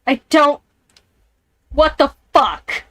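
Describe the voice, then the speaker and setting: A woman's voice: high-pitched, animated, drawn-out words, a bit bright, dry recording. A woman streamer playing a game, reading its text aloud and reacting with jumpy, scared comments. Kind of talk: live-streamed game playthrough. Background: headphones on, alone in a room.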